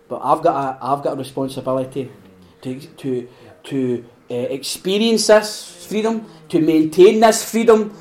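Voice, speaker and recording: A Scottish man with a notably high-pitched voice preaching in a relaxed, chatty way on a podcast. He is animated and quick to laugh, and slips into little acted-out voices as he makes his points. He sounds like he is talking with friends rather than lecturing. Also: slight background noise. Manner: animated, laughs often, acts out quoted voices. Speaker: podcast host. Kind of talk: conversational preaching.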